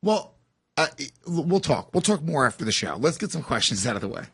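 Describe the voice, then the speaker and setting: A man's voice: a little high, big pitch swings, a little fast, slightly rough. A man co-hosting a podcast, teasing his partner dryly and reading out listener questions. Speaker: podcast co-host. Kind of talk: casual podcast banter.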